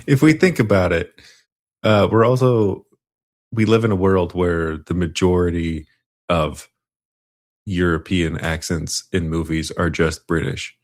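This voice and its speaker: Male podcast co-host, lowish voice, unhurried and laid-back delivery. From United States. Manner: laid-back, lots of short agreeing replies. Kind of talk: casual chat.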